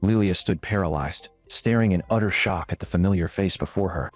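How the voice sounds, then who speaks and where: A man's voice: fairly quick, dry recording. A man narrating a fantasy comic recap in a scripted storytelling voice, over faint background music. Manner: even storytelling, lifts pitch for quoted girls. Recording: dry close mic with faint music.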